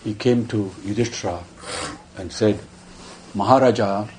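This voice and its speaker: A man telling a sacred story in a devotional discourse, emotive, dropping hushed then rising. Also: mid-range voice, expressive, a little slow, slight background noise. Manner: emotive, swinging between hushed and raised. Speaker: spiritual discourse speaker.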